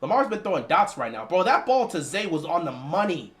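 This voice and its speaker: A man hosting a livestream, giving excitable live fan commentary on a game and repeating himself often. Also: fairly high pitch, fairly quick. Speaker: livestream host and team fan.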